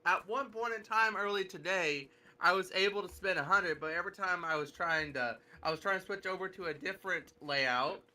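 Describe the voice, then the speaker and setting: Man streamer, bright sharp tone, slightly high voice, rambling casual talk. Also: brisk, hardly any pauses. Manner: rambling, full of restarts and filler words. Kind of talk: casual chat.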